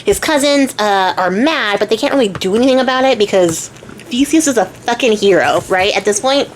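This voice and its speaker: A woman's voice: medium pitch, animated, fairly quick, slight background noise. A young woman retelling a myth in a casual, slangy way, swearing and acting out the characters' lines. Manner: slangy, chatty, swears, acts out voices. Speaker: storyteller.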